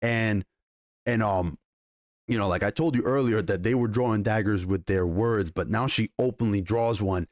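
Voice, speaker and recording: A man casually reviewing a TV episode, retelling scenes with excited, profane enthusiasm and quoted dialogue. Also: lowish voice, moderate pace, dry recording, clean studio sound. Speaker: TV show reviewer.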